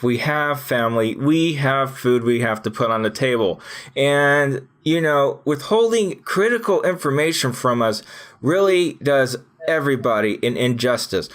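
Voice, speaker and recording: Animated man telling a workplace story. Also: mid-range voice. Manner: animated storyteller who acts out his own retorts. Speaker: podcast co-host. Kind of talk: casual podcast chat.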